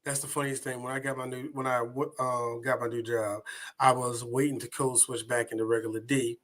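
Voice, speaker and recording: A man in his thirties co-hosting a podcast, chatting casually and animatedly, laughing often. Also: fairly quick. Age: 30s. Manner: animated, laughs often, jumps into high mocking voices. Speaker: podcast co-host. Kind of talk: casual chat.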